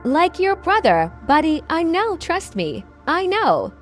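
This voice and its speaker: Stoic male squad leader, calm and guarded, clipped orders, read by a woman, high lively voice, slow delivery. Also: faint music behind, exaggerated voice. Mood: soft.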